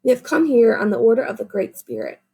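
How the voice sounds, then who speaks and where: A woman's voice: fairly high pitch, huge pitch swings, fast, creaky, dark tone, slightly rough, full character voice. A woman voicing an eager, sheepish male dog in a storybook read-aloud. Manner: blurting, sheepish.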